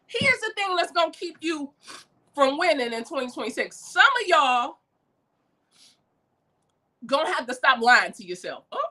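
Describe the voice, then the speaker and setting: A woman giving a preacherly motivational talk, calling listeners baby and swinging from shouts to hushed lines. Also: high-pitched, big pitch swings, moderate pace, pauses often. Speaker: motivational speaker.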